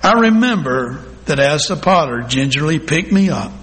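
A male pastor telling a story in a sermon, reading slowly and deliberately with dramatic pauses. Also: fairly high pitch, animated, a bit bright. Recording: long hall reverb.

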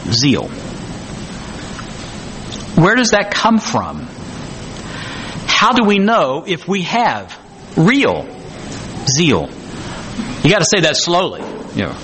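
Man preaching, high bright voice, swooping pitch, slow stressed words, rhetorical questions. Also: slight background noise, low-quality recording. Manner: emphatic, drawn-out stresses on key words. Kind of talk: sermon.

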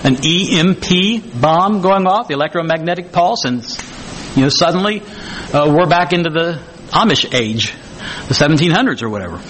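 A male preacher with a high, bright voice delivers a sermon, slowing down to stress key words. His pitch rises and falls widely as he puts one rhetorical question after another to the congregation. Faint room noise sits behind him. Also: lively intonation, poor audio.

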